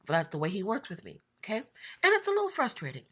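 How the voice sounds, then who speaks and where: A woman's voice: wildly swooping pitch, fast, fairly bright tone, slightly rough. Impassioned woman pouring out her testimony. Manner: impassioned, repetitive, rising to high pleading cries. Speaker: Christian YouTube prophetic channel host. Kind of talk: emotional personal testimony.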